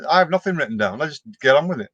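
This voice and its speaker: A man's voice: on the high side, animated, racing, fairly bright tone, dry recording, muffled recording. Chatty man on a live stream. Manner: chatty and down-to-earth, frequent restarts and repeated words. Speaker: vlogger hosting a live stream. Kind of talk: casual live chat answering viewer comments.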